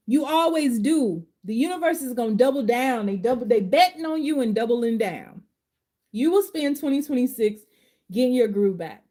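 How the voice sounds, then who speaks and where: A woman's voice: on the high side, a little mellow. A woman giving a live tarot reading, emotional and emphatic, chatting with viewers. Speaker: tarot reader and life coach.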